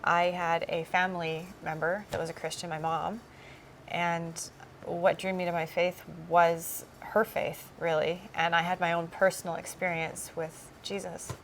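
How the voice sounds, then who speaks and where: A woman's voice: on the low side, flat delivery, a little slow, a little hiss or hum. A woman cast member giving a personal testimony in an interview, telling her story in an earnest, reflective way.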